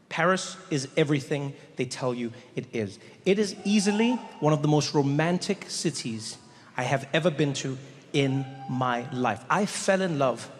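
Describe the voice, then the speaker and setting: A man doing stand-up storytelling in a large live venue, animated and acting out voices. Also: a little high. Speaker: stand-up comedian. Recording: echoey hall with crowd noise. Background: audience laughter.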